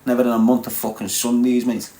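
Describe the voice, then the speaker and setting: Talking quickly in a level tone, a Liverpool man in his forties with a Scouse accent is loud and brash on a live stream. He swears freely, and his viewers are the butt of his crude jokes; his pitch sits at an ordinary middle for a man.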